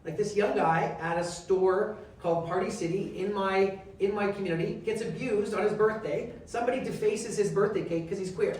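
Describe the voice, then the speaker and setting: A man's voice: high voice, moderate pace, hardly any pauses. Man telling stories in an echoey hall. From Canada. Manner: animated, acts out quoted dialogue. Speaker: guest speaker, member of parliament. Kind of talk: storytelling talk. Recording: echoey and distant, faint noise.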